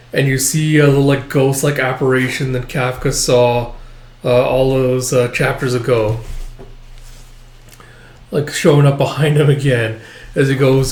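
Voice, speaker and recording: A man's voice: medium pitch, level tone, normal speed, darkish tone. A man casually reading through a comic chapter, rambling and using lots of filler words. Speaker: manga chapter reviewer. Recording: echoey room.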